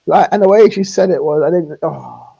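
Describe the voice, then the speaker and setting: A man's voice: fairly high pitch, a little fast, creaky, warm tone, slightly rough. Ranting man. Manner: ranting, laughs often, acts out quoted exchanges. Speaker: live stream panelist. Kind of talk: heated live stream discussion. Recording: lo-fi online stream audio.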